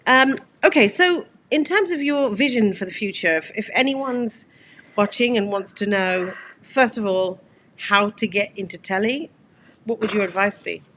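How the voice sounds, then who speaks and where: A woman's voice: mid-range voice, moderate pace, a bit bright, slight background noise. A woman hosting a live interview, talking in a conversational, upbeat way. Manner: conversational, upbeat, many fillers. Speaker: host, executive producer.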